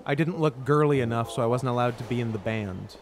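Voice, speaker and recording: A man co-hosting a game stream, cracking crude jokes in a deadpan, casual way. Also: mid-range voice, fast talker, a little hiss or hum. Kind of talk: casual let's-play commentary.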